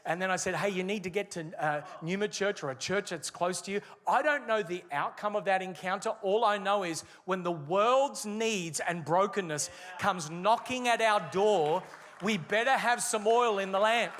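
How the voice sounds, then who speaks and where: Preaching emphatically to a congregation, this man stresses important words and draws his phrases out slowly for effect. His voice is high and bright-edged, echoing with big-room acoustics.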